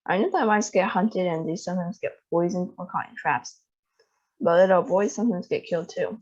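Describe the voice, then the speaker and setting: A woman reading a children's novel aloud in an expressive storytelling manner. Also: lowish voice, normal speed. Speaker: storybook reader. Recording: dull lo-fi sound.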